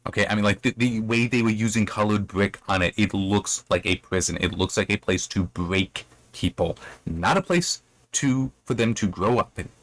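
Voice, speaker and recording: A man's voice: lowish voice, moderate pace, fairly bright tone. A man hosting a casual spoken review of a book chapter, retelling the plot in a rambling way and throwing in playful mock voices. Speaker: book reviewer, channel host.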